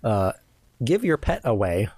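A woman with a very low, deep voice co-hosts a podcast, teasing her partner in easy chat. She reads out quiz-style questions between jokes. The sound is dry and close, with no room in it. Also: sing-song, measured pace, a little mellow, breathy edge, no room sound. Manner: teasing, quizzes her co-host with would-you-rather questions. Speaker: podcast co-host. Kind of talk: casual chat.

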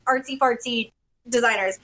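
A woman chatting casually, telling a lively story, acting out what people said and laughing often. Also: on the high side, moderate pace. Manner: animated storyteller who acts out quotes and laughs often. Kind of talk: casual chat.

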